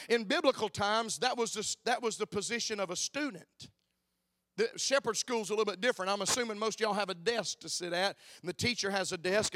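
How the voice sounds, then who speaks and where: High-voiced preacher, folksy and emphatic. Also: male voice, sharp tone, dry recording, clean studio sound. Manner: folksy, emphatic, builds with repeated phrases and "uh" fillers. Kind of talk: church sermon. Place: church.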